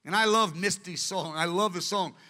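High, bright-voiced male preacher. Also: moderate pace. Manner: earnest, acts out quoted voices. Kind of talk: sermon. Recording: long hall reverb.

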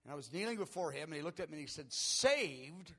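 A middle-aged man delivering an earnest, emotional sermon testimony. His voice is gravelly and a little husky, pitched slightly high for a man. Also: very fast. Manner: earnest, emotional storytelling with rising intensity. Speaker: preacher.

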